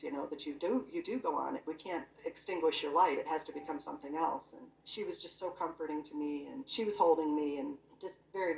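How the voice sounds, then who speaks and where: Low gravelly woman telling her story. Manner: earnest, conversational, full of "you know" and "I'm like". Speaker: guest sharing a near-death experience. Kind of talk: personal testimony, casual storytelling. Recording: echoey room, voice from a distance.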